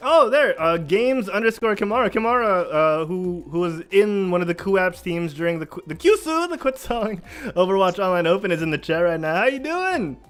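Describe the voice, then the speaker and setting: An excitable man hosts a relaxed gaming livestream with a lively, bouncing delivery. His voice sits a little high and he often repeats himself between laughs, with faint music behind him. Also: brisk, smooth. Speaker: podcast host. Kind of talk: casual livestream chat.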